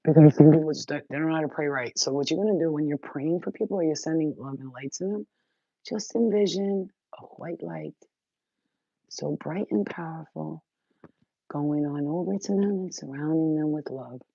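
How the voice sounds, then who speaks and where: A woman's voice: deep voice, fast talker, hardly any pauses, dark tone, no echo. Blunt, reassuring woman healer on a livestream. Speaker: spiritual healer. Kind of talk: casual livestream chat. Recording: dull, dry lo-fi sound.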